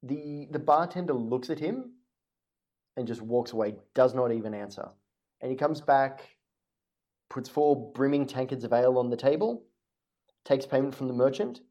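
A man running a tabletop game with a mellow, darkish voice. He narrates in a relaxed way, with a dry, wry humour. His pitch sits at an ordinary middle level. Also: moderate pace, pauses often. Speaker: game master.

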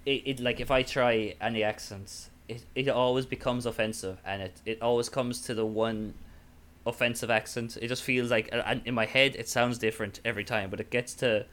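Bright, smooth-voiced Irish man chatting. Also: medium pitch, steady tone, fairly quick. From Ireland. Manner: rambling, full of fillers and restarts. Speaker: podcast guest, tabletop player. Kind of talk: casual chat.

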